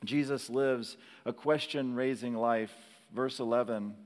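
A man preaching a sermon in a slow, dramatic way, rising to emphatic peaks and dropping to hushed lines. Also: mid-range voice, in a large hall. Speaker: pastor.

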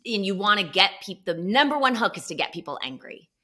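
Animated woman chatting on a podcast, bright sharp voice, acts out every quote. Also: mid-range voice. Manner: animated storyteller, quick to act out quotes. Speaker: guest, actor. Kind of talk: casual podcast chat.

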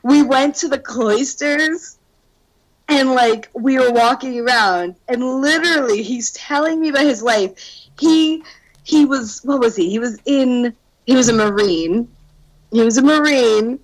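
A young woman with a slightly high voice tells a story in casual podcast chat. She is animated, swears a lot and keeps laughing mid-sentence. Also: measured pace, rough recording. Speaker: podcast co-host telling a dating story.

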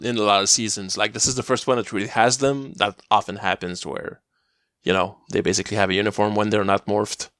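A man's voice: lowish voice, steady tone, fairly quick, a bit bright, no echo. Male podcast co-host, mid voice, joking and stubborn, dry close mic. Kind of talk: casual chat.

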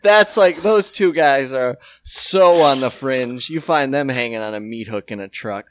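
A man's voice: medium pitch, measured pace, dry recording. A man joking around in casual comedy banter, laughing often and slipping into silly voices.

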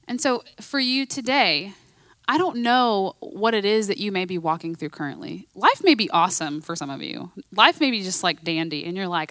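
A woman's voice: fairly high pitch, expressive, a little fast, a bit bright, no echo. A woman preaching a sermon in a conversational, emphatic way, repeating her key phrases.

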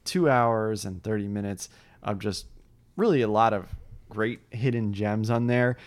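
A man's voice: fairly low pitch, unhurried. A man hosting a casual podcast, upbeat and chatty, rambling with fillers and frequent laughs. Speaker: podcast host.

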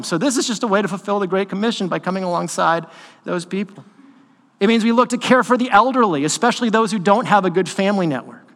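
A man with a high voice preaches live in a church sanctuary, and long hall reverb trails his words. His sermon is conversational and animated, with storytelling broken up by quick asides.

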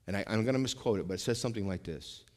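A middle-aged man preaching to his congregation in a chatty style, full of asides and rhetorical questions, slowing and swelling when he reads scripture. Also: lowish voice, a little mellow. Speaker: pastor. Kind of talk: sermon.

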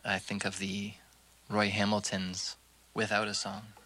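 A man's voice: lowish voice, monotone, unhurried, bright, forceful tone, no room sound. A man, a guest musician, chatting casually between songs in a basement, loose and thoughtful, laughing often.

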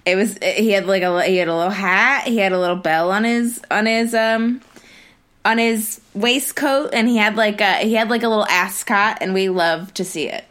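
A woman's voice: medium pitch, normal speed, a bit bright. A young woman co-hosting a podcast in casual chat, rambling along with lots of fillers and restarts. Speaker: podcast co-host.

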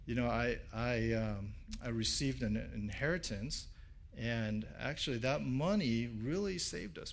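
A middle-aged pastor gives a relaxed, chatty sermon, circling through "you know" and restarts as he tells a story. His voice sits at an ordinary pitch with a gravelly edge. When he quotes people, his voice brightens and rises. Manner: casual storytelling with many fillers and restarts; acts out quoted speech in a livelier voice.

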